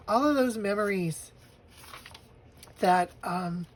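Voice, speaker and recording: A woman's voice: mid-range voice, very slow, slight background noise, rough recording. A woman vlogger telling an emotional personal story while crafting a journal page, tearful at times and laughing as she remembers. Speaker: vlogger making a grief journal.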